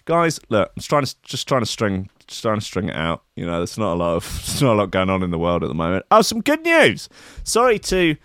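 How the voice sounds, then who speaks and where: A man's voice: low-pitched, expressive, fast talker, few pauses, fairly bright tone, clean tone, no room sound, clean studio sound. A man hosting a comic riff on the news, rambling and sardonic, swearing and mocking himself. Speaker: comedian host.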